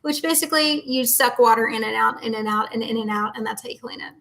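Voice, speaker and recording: A woman's voice: fairly high pitch, quick pace, vocal fry, pushed and bright, low-quality recording. Woman co-host, casual live show from home, talkative, fixes her words mid-sentence. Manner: chatty, reads out questions, corrects herself. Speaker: co-host answering viewer questions.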